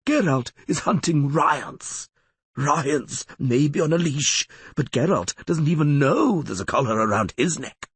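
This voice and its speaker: A man's voice: fairly high pitch, expressive, measured pace, fairly bright tone, husky, no room sound, exaggerated voice. A man doing a sneering, scheming sickly lawyer. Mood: scornful. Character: scheming sickly male lawyer, sardonic and cunning.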